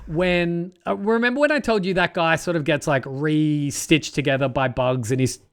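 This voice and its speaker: A man's voice: fairly high pitch, normal speed, clean tone. A man co-hosting a podcast, recapping a film's plot and gushing about its scenes in casual chat. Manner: excitable, narrates plot then gushes. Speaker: podcast co-host.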